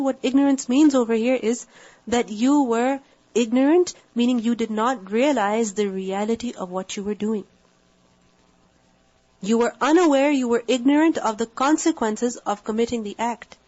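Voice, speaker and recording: Female Quran teacher, slightly high voice, calm explanatory delivery, muffled lo-fi sound. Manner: measured, explanatory, recites Arabic verses. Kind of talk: tafsir lecture. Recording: dull lo-fi lecture recording.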